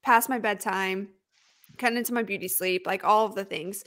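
A woman's voice: mid-range voice, steady tone, moderate pace, fairly bright tone. A woman co-hosting a casual podcast, blunt and swearing freely, with "like" scattered through her speech. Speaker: podcast co-host.

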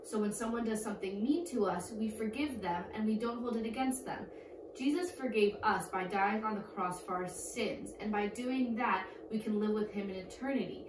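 A woman's voice: mid-range voice, moderate pace. A woman teaching a children's church lesson, upbeat and speaking simply to kids. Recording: echoey room, distant mic, background noise.

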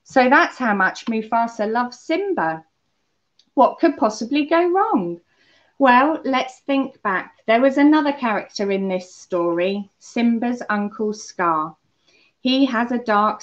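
A woman leading a children's holiday club, telling a story and talking gently to the kids. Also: fairly high pitch, lively intonation, slow pace. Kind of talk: children's talk on a Bible lesson. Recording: muffled lo-fi church recording.

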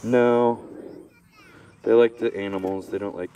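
A man's voice: fairly low pitch, fairly even intonation, measured pace, mellow, slight background noise. A man live-streaming from an outdoor petting zoo, talking nonstop with crude, joking banter into a handheld mic. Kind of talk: casual live-stream commentary.

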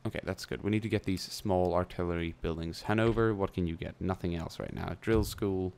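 A man's voice: low-pitched, fairly even intonation, fairly quick, creaky, a little mellow. A young man casually commentating his own strategy game, thinking aloud and swearing now and then. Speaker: gameplay commentator. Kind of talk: casual let's-play commentary.

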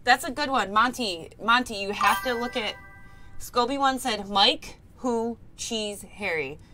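A woman's voice: on the high side, measured pace, pushed and bright, faint music behind. A young woman streaming live, chatting casually and greeting viewers, breaking into frequent laughter. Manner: giggly, laughs often and reads chat names aloud.

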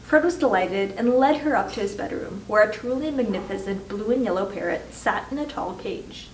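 A woman reading a children's book aloud with expressive storytelling. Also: medium pitch, normal speed, slight background noise. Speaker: reader. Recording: echoey room, distant mic.

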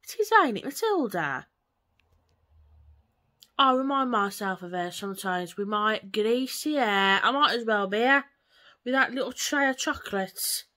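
A woman's voice: mid-range voice, measured pace, pauses often, bright, forceful tone. A woman, chatting casually and rambling on in a home vlog from her living room. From England. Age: 20s. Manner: chatty, rambling, swears lightly. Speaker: vlogger.

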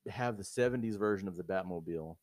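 A man's voice: low voice, quick pace, a little mellow, dry recording, clean studio sound. A man co-hosting a casual movie review chat, blunt and profane, mocking what he's discussing. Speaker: co-host of a movie review show.

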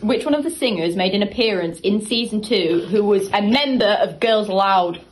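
A woman's voice: medium pitch, expressive, moderate pace, faint music behind, low-quality recording. A woman running a quiz as interviewer, teasing and bossy. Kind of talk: casual chat.

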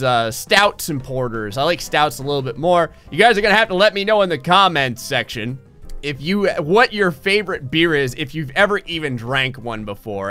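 A young man hosting casual gameplay commentary, telling rambling, animated stories while he plays. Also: on the high side. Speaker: gaming channel host.

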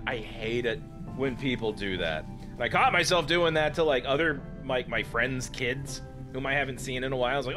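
A man's voice: mid-range voice, a little fast, bright, forceful tone, soft background music. A man hosting a let's play, commenting with sarcastic jokes as he plays. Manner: joking, sarcastic. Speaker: gaming channel host.

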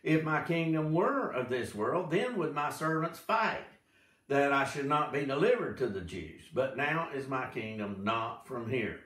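Guy reading the bible aloud for a study group, slow and expressive, pausing for little notes, roomy echo, mic kinda far. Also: medium pitch. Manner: slow, dramatic scripture reading with asides. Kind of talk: reading scripture aloud with commentary. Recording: echoey room, mic at a distance.

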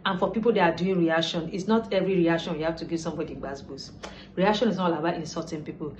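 A woman with a Nigerian accent and a fairly low voice talks fast, casually chatting to camera as a lifestyle vlogger. She's lively, full of asides, and slips into pidgin. The recording is slightly dull and lo-fi, with faint background noise.

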